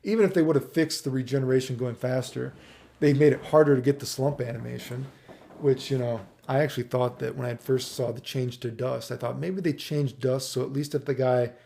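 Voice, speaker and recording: Male commentator with a low, mellow voice and a rough fry, rambling through a frustrated gaming rant. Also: fairly even intonation, a little fast. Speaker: fighting game commentator.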